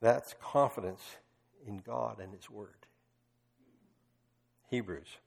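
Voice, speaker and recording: A man's voice: lowish voice, slow, vocal fry, long pauses. A man preaching a sermon, telling stories emphatically with passionate bursts. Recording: long reverb of a large hall.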